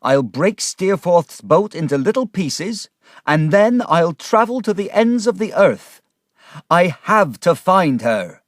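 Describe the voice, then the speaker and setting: A man voicing a big-hearted fisherman who shouts loudly in a storybook reading. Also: high voice, big pitch swings, slow, dry recording, clean studio sound, pitched above the performer's own voice, heavily acted. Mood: anguished. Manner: loud forceful shouting. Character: big-hearted fisherman, loud when upset. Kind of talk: audiobook character voice.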